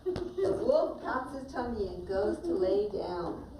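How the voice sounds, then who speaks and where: A woman's voice: mid-range voice, sing-song, slow pace. A woman teacher narrating a story for her pupils to act out and giving them directions as she goes. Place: classroom. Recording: distant, echoey classroom with background noise.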